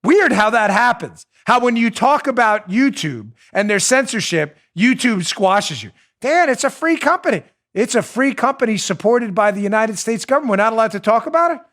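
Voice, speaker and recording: A man with a high-pitched voice hosts a political talk show. He talks in an indignant, sarcastic monologue and presses his points with repeated rhetorical questions. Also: animated, brisk, few pauses, a bit bright. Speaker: host.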